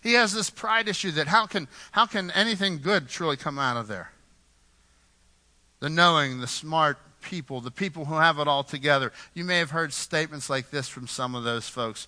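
Bright-voiced man preaching a casual sermon. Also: a little high, normal speed. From Pittsburgh. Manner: conversational, repeats words, asks the congregation questions. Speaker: pastor.

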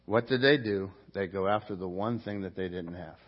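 A man's voice: deep voice, moderate pace, lo-fi sound. Man preaching a chatty sermon. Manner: conversational preaching with rhetorical questions and repetitions. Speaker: pastor.

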